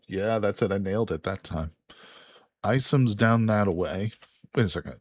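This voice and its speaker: A man's voice: on the low side, moderate pace. A man from Illinois casually commentating a multiplayer game on a live stream, laid-back and joking as he goes. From Illinois, USA.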